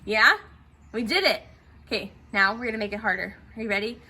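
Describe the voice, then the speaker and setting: A woman's voice: on the high side, animated, fairly quick, sharp tone, husky. A woman teaching theatre students, guiding them through breathing exercises and checking in with them often. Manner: encouraging, checks in with "okay?" often. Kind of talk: guided breathing exercise instruction.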